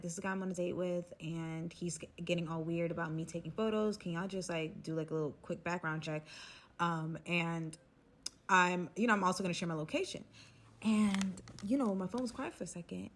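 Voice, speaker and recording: Chatty young woman telling a story. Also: fairly low pitch. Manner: chatty, animated, many fillers. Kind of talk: casual storytime.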